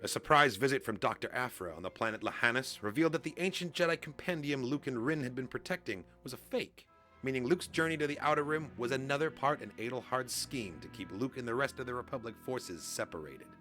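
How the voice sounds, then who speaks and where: A man hosting a comic readalong and reacting to what he reads, excitable and chatty. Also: medium pitch, fairly quick, faint music behind.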